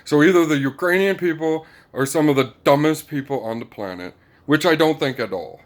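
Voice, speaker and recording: A man delivering a rambling casual monologue, chuckling often and filling pauses with "like" and "um". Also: a little high. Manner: rambling, chuckling, many fillers. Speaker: commentator.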